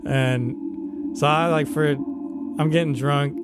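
A man co-hosting a podcast, telling a wild story in a casual, animated way, laughing and swearing as he goes. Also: on the high side, takes it slowly, loud music behind the voice. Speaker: podcast co-host. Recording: loud background ambience.

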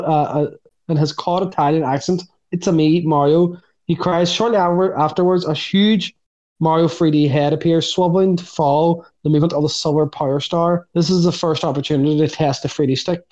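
A man co-hosting a podcast, rambling and quick to laugh in casual chat. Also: on the high side. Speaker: podcast co-host. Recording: dull lo-fi sound.

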